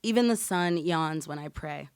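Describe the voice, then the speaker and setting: Low, smooth-voiced woman reading poetry. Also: no room sound. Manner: measured, deliberate delivery. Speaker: poet.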